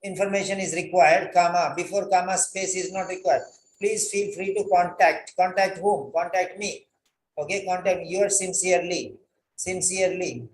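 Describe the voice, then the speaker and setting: A man's voice: high-pitched, steady tone, moderate pace, echoey room, slight background noise, poor audio. A man tutoring a student on a written letter, correcting it line by line, repeating phrases and spelling words out. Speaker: writing tutor.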